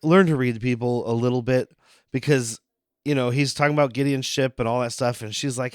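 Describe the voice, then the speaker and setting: A man's voice: medium pitch, steady tone, brisk, clean tone, no echo. Laid-back joking man, dry close sound. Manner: laid-back, joking, mock-quotes characters. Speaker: podcast co-host. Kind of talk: casual chat.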